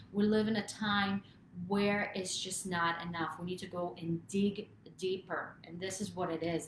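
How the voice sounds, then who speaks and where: A woman's voice: mid-range voice, fairly bright tone, a little hiss or hum. Woman vocal coach in an echoey room. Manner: emphatic, often checks in with "right?". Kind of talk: motivational coaching talk to camera.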